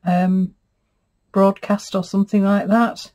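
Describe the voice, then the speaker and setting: A woman's voice: medium pitch, level tone, slow pace, darkish tone. Gushing woman, textile artist. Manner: chatty, gushing and easily moved. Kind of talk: casual unboxing chat.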